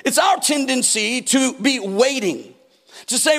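A pastor preaches a sermon in a church hall with long reverb, his very high, bright, expressive voice moving a little slowly. He tells stories and acts out the people in them, shifting dramatically for each quote.

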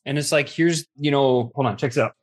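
A middle-aged man, a podcast guest, telling stories in a casual, animated way and acting out the quotes. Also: mid-range voice, brisk. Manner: animated, acts out quotes with swearing. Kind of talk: casual storytelling.

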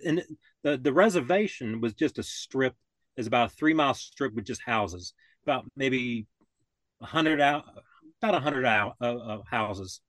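A man's voice: medium pitch, lively intonation, normal speed, a bit bright, no room sound. Older man rambling through a story. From Florida. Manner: rambling, restarts often, acts out quoted voices. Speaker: podcast guest. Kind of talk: casual storytelling.

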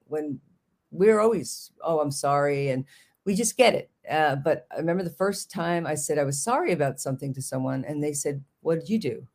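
Here the New York author, appearing as a guest, has a medium-pitched voice with a darkish tone. The interview is casual and rambling, with frequent self-interruptions and plenty of joking.

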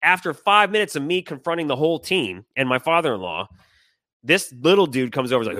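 A middle-aged man telling a heated personal story on a podcast, animated and swearing, acting out the people he quotes. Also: fairly high pitch, fairly quick, dry recording, clean studio sound. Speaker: podcast co-host. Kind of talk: casual storytelling chat.

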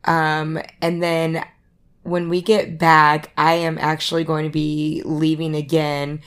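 A woman's voice: low-pitched, completely flat delivery, slow pace, clean tone. An American woman co-hosting a podcast in casual chat, chatty, laughing often and restarting sentences. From United States. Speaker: podcast co-host.

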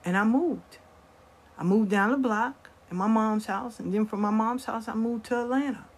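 Middle-aged woman, husky and raspy, swears freely and tells it straight in casual storytelling. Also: fairly high pitch, moderate pace. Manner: blunt, profane, acts out quoted voices.

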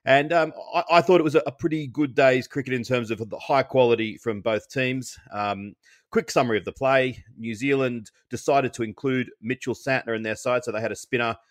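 A man's voice: mid-range voice, a little fast, dry recording, studio quality. A man co-hosting a podcast, giving a chatty cricket analysis broken up by frequent ums and restarts. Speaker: co-host.

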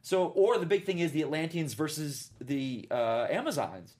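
A man's voice: fairly high pitch, lively intonation, normal speed, darkish tone. A man co-hosting a casual panel chat about TV, explaining things with rambling enthusiasm. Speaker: TV podcast co-host.

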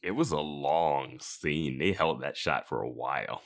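A man co-hosting a podcast, chiming in with low-key, dry comments in casual chat. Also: measured pace, creaky. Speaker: podcast co-host.

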